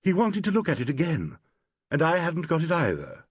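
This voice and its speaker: A man's voice: fairly high pitch, huge pitch swings, breathy edge, no echo, muffled recording, voice pushed up, heavily acted. A man doing a flustered leading actress. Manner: hurried, faltering.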